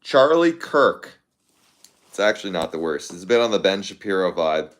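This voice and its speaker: A man's voice: low voice, big pitch swings, moderate pace. A man hosting a livestream, chatting casually and reading out viewer comments, thinking aloud with fillers and repeated phrases. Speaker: livestream host.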